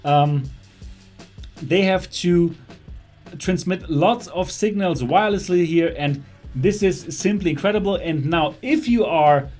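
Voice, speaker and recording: Male tech-show host, slow delivery, eager, fills gaps with "um". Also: high-pitched, a little mellow, faint music behind. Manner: enthusiastic, hesitant with fillers. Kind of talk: casual tech show talk.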